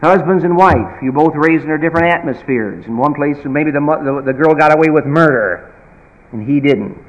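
A man preaching a sermon in an emphatic, folksy manner, swinging from loud bursts to quiet asides. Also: on the high side, moderate pace, highs cut off. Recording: reverberant hall.

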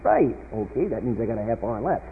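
A man preaching a sermon, telling a story with swings from loud emphatic peaks to quiet asides, recorded in a church hall and heard over an old radio broadcast. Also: mid-range voice, very animated, a little fast, noisy background. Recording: tinny lo-fi radio broadcast with long hall reverb.

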